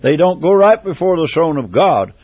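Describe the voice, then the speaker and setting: A man's voice: on the high side, sing-song, moderate pace, slightly rough, no room sound, highs cut off. A man preaching a sermon, repeating phrases with emphatic, rising fervor.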